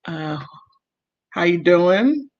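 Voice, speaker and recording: Male streamer, slightly high voice, slow heated delivery, dull lo-fi audio. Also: expressive, soft background music. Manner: emotional, heated, self-interrupting and apologetic. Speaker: livestream host. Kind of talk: casual livestream commentary, reading chat comments.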